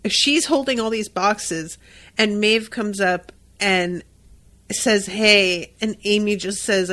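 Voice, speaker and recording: A woman's voice: medium pitch, slow pace, pushed and bright. Woman podcaster crying a bit while she recaps a show, swears a lot, very emotional. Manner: emotional, swears freely, gets tearful. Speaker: podcast host. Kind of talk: casual episode recap.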